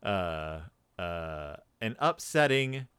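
A man's voice: deep voice, big pitch swings, very slow, a bit bright, clear, resonant tone, no room sound, studio quality. A man co-hosting a podcast, chatting casually about books in a rambling, playful, joking way. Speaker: podcast co-host. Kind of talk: casual book chat.

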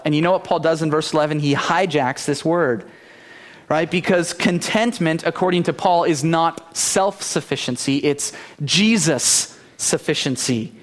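A man's voice: fairly high pitch, unhurried. Earnest man preaching a sermon. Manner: earnest, rhetorical questions to the congregation. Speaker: pastor.

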